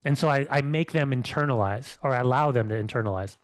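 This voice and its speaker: A man's voice: medium pitch, quick pace, dry recording. Fired-up middle-aged man, dry sound. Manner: fired-up ranting with restarts. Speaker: podcast co-host, former athlete. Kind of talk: casual podcast chat.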